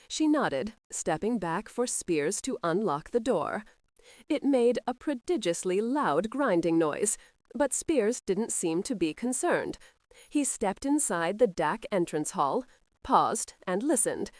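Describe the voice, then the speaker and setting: A woman narrating a historical romance audiobook in an expressive reading style. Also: mid-range voice, slow pace, dry recording, studio quality. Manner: lively, character-voicing reading.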